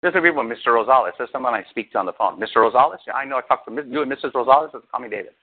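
A man pastor giving a casual, animated sermon, acting out scripture quotes and often asking his listeners if they follow. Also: medium pitch, rapid-fire. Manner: animated, quotes scripture in excited raised voice, asks listeners questions. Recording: tinny phone-like line.

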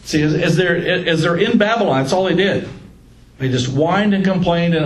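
A man leading a casual Bible study group, joking and lively as he teaches. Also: a little high, moderate pace. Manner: joking, animated, laughs at own lines. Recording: echoey room with faint ambience.

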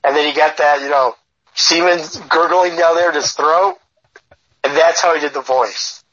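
A man's voice: a little high, fairly even intonation, moderate pace, a bit bright. A man co-hosting a live podcast, chatting casually in a crude, joking, opinionated way. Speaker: podcast co-host. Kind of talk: casual chat. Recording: dull lo-fi sound.

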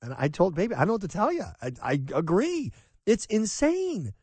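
A man's voice: high-pitched, huge pitch swings, brisk, darkish tone, husky, dry recording. A middle-aged man hosting a talk radio show, delivering an emphatic, opinionated monologue with sarcastic asides.

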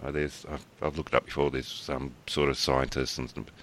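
A man's voice: a bass voice, little pitch movement, normal speed, a bit bright, a little hiss or hum. An Australian man co-hosting a podcast in casual chat, rambling, swearing casually and laughing often. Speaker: podcast co-host.

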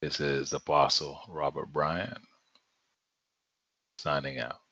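A man's voice: rumbling low, steady tone, slow pace, sharp tone, no echo. A man preaching a sermon in a conversational, emphatic way, repeating phrases for effect. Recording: dull lo-fi sound.

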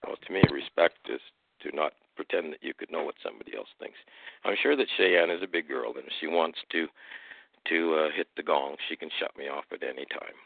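A man with a very deep, gravelly voice speaks in a deliberate, unhurried way, turning pointed and combative when challenged. His voice comes through a thin, tinny phone-like line with a dry, close sound. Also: dry recording. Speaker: guest speaker. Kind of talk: casual storytelling and argument.

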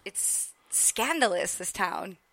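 Woman co-host from Michigan, gravelly and bright, chatty, dry mic. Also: medium pitch, lively intonation, takes it slowly, no room sound. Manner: chatty, laughing, trailing off. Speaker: podcast co-host. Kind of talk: casual chat.

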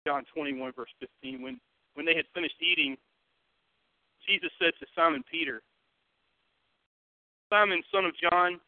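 High-voiced pastor with a thin, boxy sound. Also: male voice, moderate pace, pauses often, dry recording, phone-quality sound. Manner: swings between loud emphatic bursts and hushed asides; conversational, asks the congregation questions. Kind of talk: sermon.

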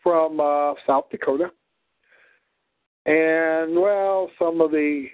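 Older male radio host, Ozark-prairie drawl, slow and meandering with lots of "uh", voice sitting a bit high, thin phone-line sound. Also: steady tone, no echo. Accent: Southwest Missouri, mix of prairie drawl and Ozark. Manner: halting, meandering, full of "uh" and restarts. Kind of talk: rambling solo radio monologue. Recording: thin phone-like dry audio.

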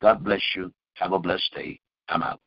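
A man's voice: sits low, moderate pace, no room sound, lo-fi sound. A man preaching and praying as pastor, with fervent pleading questions. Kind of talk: sermon and prayer.

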